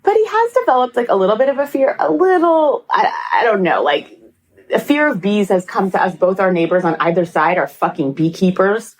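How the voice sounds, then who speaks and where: A woman's voice: medium pitch, brisk. A woman co-hosting a podcast, telling a story as casual comedy and acting out the people in it, with plenty of swearing. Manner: animated, acts out quoted people, swears freely. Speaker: podcast co-host.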